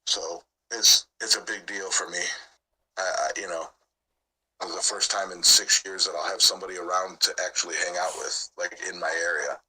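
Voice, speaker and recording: A man's voice: sits low, fairly even intonation, a little fast, pushed and bright, breathy edge, rough recording. A man hosting a livestream, talking to viewers in a laid-back, hesitant way. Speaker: livestream host. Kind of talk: casual stream chat.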